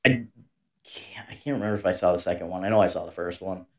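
Lower-voiced male co-host, casual crude banter over a video call. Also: fast talker, a bit bright. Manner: profane, rambling. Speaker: podcast co-host. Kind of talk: casual chat.

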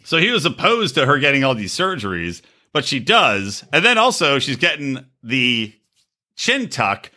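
A man co-hosting a podcast over a video call, telling rowdy, crude stories in a loud, animated way. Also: medium pitch, normal speed. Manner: rowdy, crude, animated storytelling with put-on voices. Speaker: podcast co-host. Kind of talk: casual chat.

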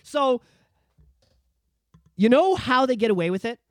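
A man co-hosting a podcast in casual chat, ranting in a profane, animated way. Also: very high voice, measured pace, dry recording, studio quality. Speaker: podcast co-host.

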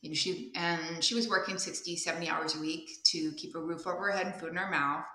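A woman guest telling personal stories in a candid, animated way, laughing often during the interview. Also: on the low side, quick pace, roomy sound, poor audio. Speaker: guest speaker and coach. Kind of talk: casual interview storytelling.

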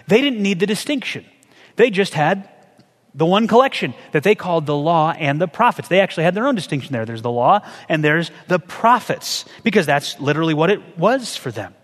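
A man with a fairly high voice preaches to his congregation in an easy, conversational way, often pausing to ask questions. His words ring out with a long reverb, as in a large church sanctuary. He keeps his delivery engaged and chatty rather than formal. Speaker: pastor. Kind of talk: sermon.

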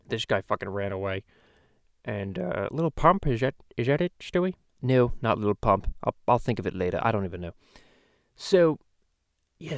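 A man's voice: mid-range voice, no room sound, clean studio sound, lightly acted. A man doing a crude rambling cartoon dad. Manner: rambling, profane, loose storytelling. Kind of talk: casual podcast chat.

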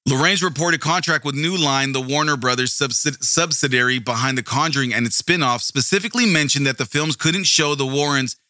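Bright-voiced indignant man ranting, dry sound. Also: mid-range voice, a little fast, few pauses, no room sound. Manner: indignant, profane, sarcastic, mocking voices. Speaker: commentary video host. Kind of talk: profane casual commentary.

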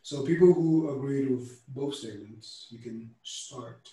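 A man leading a group discussion, reading out statements slowly and calling on people by name. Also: mid-range voice, dark tone. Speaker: discussion moderator. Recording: echoey room, far from the mic.

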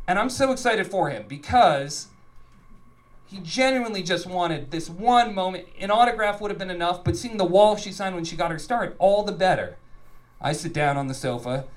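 Man in his 30s, raised voice, storyteller, rambling and profane. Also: high-pitched. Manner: loose, profane, rambling delivery with acted-out quotes. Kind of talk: live comedic storytelling.

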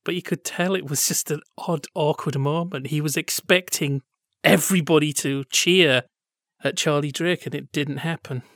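Nerdy, lively man, slightly high voice. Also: no echo, clean studio sound. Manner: enthusiastic, nerdy, quick to laugh. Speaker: podcast co-host. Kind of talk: casual chat about old television.

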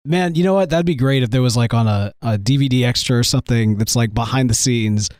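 A man's voice: medium pitch, fairly quick, darkish tone, clean tone, no echo. Man, host, weak strained sick voice, rambling, enthusiastic, dry close sound. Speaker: podcast host. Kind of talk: casual fan discussion.

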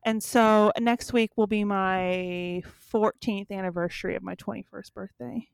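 A woman's voice: medium pitch, fairly even intonation, a little slow, gravelly, clear, resonant tone, no room sound. A woman in her thirties co-hosting a casual chat with a friend, rambling and self-mocking, laughing often. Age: 30s. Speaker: podcast co-host.

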